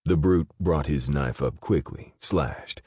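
A man narrating an action novel in a steady, measured storytelling voice on a close studio mic. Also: extremely low pitch, husky, no echo. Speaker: audiobook narrator.

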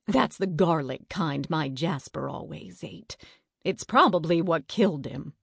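A woman voicing a sharp-tongued, sickly old great-aunt who scolds and bosses the children in a storybook reading. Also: low-pitched, expressive, measured pace, gravelly, breathy edge, no echo, clean studio sound, heavily acted. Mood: sour. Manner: scolding, bossy.

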